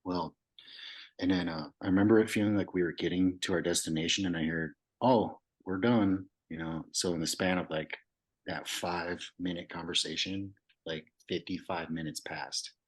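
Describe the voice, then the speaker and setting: A man's voice: low voice, fairly even intonation, normal speed, breathy edge, low-quality recording. A young man, a veteran guest on a podcast, telling a personal story in a loose, candid way, full of fillers and the odd swear word. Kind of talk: casual storytelling.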